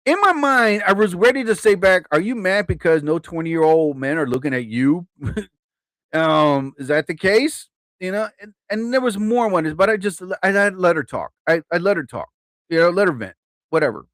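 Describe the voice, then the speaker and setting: Animated, chatty man in his fifties. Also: sits high, moderate pace, no room sound. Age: 50s. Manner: chatty, animated, laughs at his own jokes. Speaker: live stream host. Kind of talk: casual live-stream storytelling.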